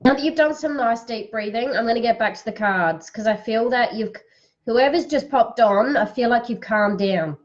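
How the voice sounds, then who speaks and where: Woman, psychic reader, tearful, slow soothing delivery, higher voice, dull live stream sound. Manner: slow, soothing, guiding breathing. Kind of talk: live-streamed spiritual reading.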